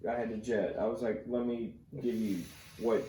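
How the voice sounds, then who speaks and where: A man's voice: mid-range voice, normal speed. A young man, hosting a casual podcast and telling stories in a rambling way, full of "like". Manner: rambling, animated storytelling with lots of "like". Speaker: podcast host. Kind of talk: casual storytelling chat. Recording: echoey room, faint background noise.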